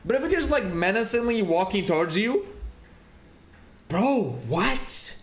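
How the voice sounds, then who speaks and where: A man's voice: high-pitched, unhurried, roomy sound. A man streaming a game and chatting casually, ranting with lots of swearing. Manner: profane, animated ranting. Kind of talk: casual chat while gaming.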